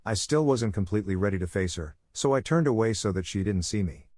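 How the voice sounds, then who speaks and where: A man reading a first-person story aloud in steady scripted narration. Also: fairly low pitch, quick pace, no room sound, clean studio sound.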